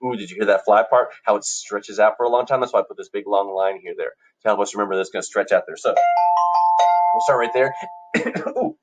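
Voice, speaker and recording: A man's voice: on the low side, quick pace. A man teaching a classroom music lesson, coaching students in an upbeat way and singing short examples for them to copy.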